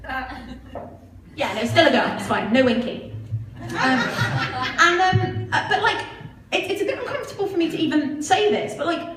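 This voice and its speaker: A woman's voice: high voice, lively intonation, moderate pace, far from the mic. A woman in her twenties doing a chatty, self-mocking stand-up comedy set on a club stage, often asking the crowd "right?". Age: 20s. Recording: echoey club mic heard from afar, audience noise. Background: audience laughter.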